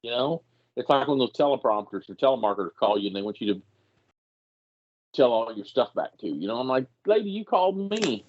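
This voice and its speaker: Man telling a story with lively quoted voices. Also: fairly low pitch, brisk. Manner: animated, acts out quoted voices. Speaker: podcast regular telling a story. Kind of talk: casual storytelling chat. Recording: slightly dull lo-fi sound.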